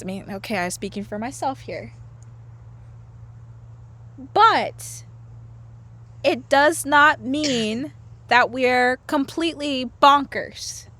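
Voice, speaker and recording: A woman's voice: high-pitched, a bit bright, dry recording. A woman guest in a casual interview, speaking playfully and laughing often. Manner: playful, laughs often, acts out inner voices. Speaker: podcast guest, herbal medicine lecturer.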